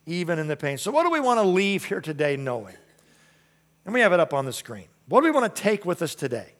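A preacher delivering a sermon with emphatic, repeated phrases. He swings from strong declarations down to quiet, soft lines, in a voice pitched somewhat high for a man. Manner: emphatic, repetitive, swings between loud and soft. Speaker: pastor.

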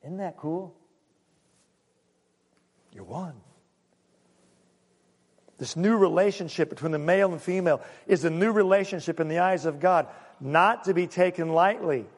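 A man preaching a sermon as pastor, lively and joking, with emphatic repeated points and asides to his congregation. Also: high voice, a little slow, long pauses. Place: church sanctuary. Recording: long reverb of a church hall.

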